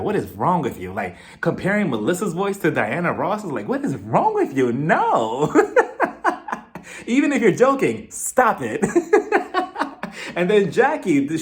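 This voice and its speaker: A gossipy man chatting through a reality TV recap in a fairly high voice. His pitch swings up and down as he dishes and laughs along with his own jokes. He keeps it casual and animated. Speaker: TV show reviewer.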